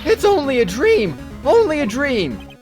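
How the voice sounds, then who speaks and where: A man voicing an excitable young woman assistant in a video game, shrill and breathless. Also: a little slow, music in the background, exaggerated voice. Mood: anxious.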